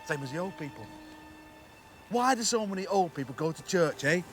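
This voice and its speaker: Sneering cynical businessman, played by a man, high lively voice, faint music under the stage sound. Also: a little fast. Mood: scornful. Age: middle-aged. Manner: mocking, sarcastic, loud. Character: sneering cynical middle-aged businessman Gordon. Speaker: stage actor. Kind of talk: stage play.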